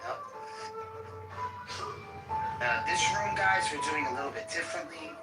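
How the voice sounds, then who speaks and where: A man chatting on a casual podcast, excitable and crude, with frequent loud laughter. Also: fairly high pitch, measured pace. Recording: echoey, distant mic with music behind.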